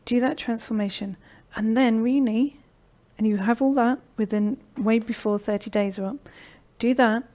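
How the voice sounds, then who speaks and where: A middle-aged woman hosts a live online session and talks viewers through her program. Her voice is mellow and warm, and she keeps it encouraging. She checks in with a steady "okay?" as she goes. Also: a little high, moderate pace, few pauses. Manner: encouraging, repeats "okay?" often. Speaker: online course host. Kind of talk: live-streamed sales pitch and Q&A.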